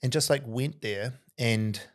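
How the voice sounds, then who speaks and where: A man's voice: mid-range voice, a little slow. A man hosting a podcast, telling stories casually with a lot of energy and frequent "like"s. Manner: energetic, says "like" constantly. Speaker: podcast host. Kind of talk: casual conversational storytelling.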